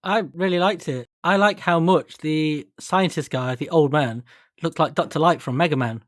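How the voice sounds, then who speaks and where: A man co-hosting a podcast in quick, chatty conversation. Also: fairly high pitch, no room sound, clean studio sound. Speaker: podcast co-host. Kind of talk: casual chat.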